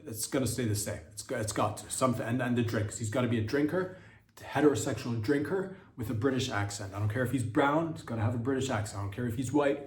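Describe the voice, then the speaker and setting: A man's voice: mid-range voice, quick pace, reverberant. A man hosting a comedy podcast, ranting casually in a rambling, profane style with many restarts.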